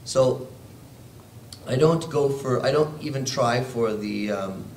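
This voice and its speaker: A man, a voice actor speaking on a convention panel, telling stories in an animated, rambling way. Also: medium pitch, takes it slowly, gravelly, far from the mic. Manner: animated, rambling storyteller who laughs often. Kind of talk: casual convention panel talk. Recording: echoey hall, faint ambient noise.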